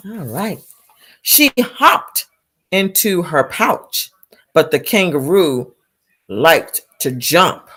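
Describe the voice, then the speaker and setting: A woman reading a picture book aloud to children, animated and exclamatory, stopping to ask them questions. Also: low voice, very slow, breathy edge. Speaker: storytime reader for children.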